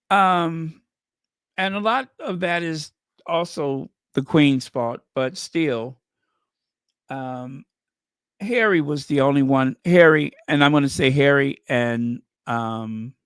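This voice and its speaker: A man's voice: mid-range voice, a bit bright, clean tone, no room sound, studio quality. A man doing casual commentary, sarcastic and chatty, tossing out rhetorical questions and wry asides. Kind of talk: casual chat.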